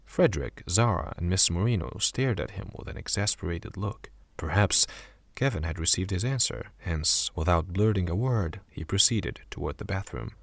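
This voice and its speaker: A man narrating a horror story audiobook in a measured, steady way. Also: deep voice, dry recording. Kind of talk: scripted narration.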